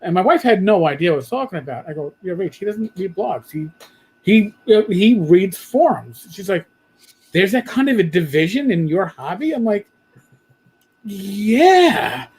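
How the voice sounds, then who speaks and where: A man's voice: high-pitched, sing-song, normal speed, darkish tone, husky, poor audio. A man hosting a livestream chat, telling a story and quoting others. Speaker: podcast host.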